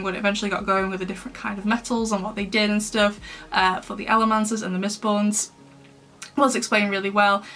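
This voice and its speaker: A woman's voice: mid-range voice, fairly bright tone. A young woman chatting casually about books she read, giggling often and rambling with fillers. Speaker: book reviewer. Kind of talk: casual book review.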